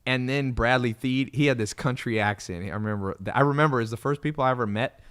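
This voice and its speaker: A man hosting a podcast, telling stories in a blunt, animated way, swearing and laughing often. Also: mid-range voice, fast, clear, resonant tone. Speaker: podcast host. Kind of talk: casual motivational chat.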